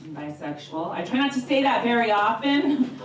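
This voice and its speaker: A woman's voice: a little high, big pitch swings, moderate pace, recorded from a distance. A woman performing a stand-up comedy set in a small club, telling crude, brash jokes that build to punchlines. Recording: echoey club room, mic set back, crowd laughter. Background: audience laughing.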